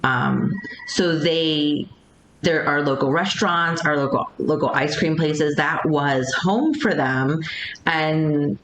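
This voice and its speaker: A woman's voice: deep voice, slow pace, a bit bright, slight background noise. A woman in her thirties chatting as a podcast guest, hesitant, with many ums and restarts. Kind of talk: casual interview chat. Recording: echoey room.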